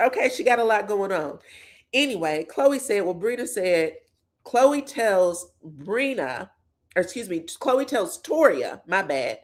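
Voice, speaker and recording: A woman hosting a casual recap show, telling the story in a blunt, slangy and chatty way. She swears freely and talks to the viewer as a friend. Her voice sits at an ordinary middle pitch for a woman. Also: lively intonation, a little slow. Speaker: pop culture commentator.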